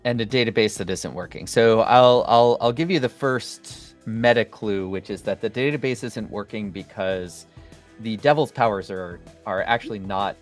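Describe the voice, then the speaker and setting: A man's voice: fairly low pitch, moderate pace, faint music behind. A man co-hosting a livestream, talking casually in a playful, rambling way. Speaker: co-host of a developer livestream.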